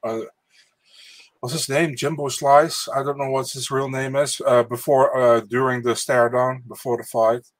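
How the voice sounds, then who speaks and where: A man's voice: medium pitch, moderate pace, dry recording. Dry-sounding laid-back male co-host. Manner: relaxed, conversational, often asks you know what I mean. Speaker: podcast co-host. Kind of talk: casual MMA podcast chat.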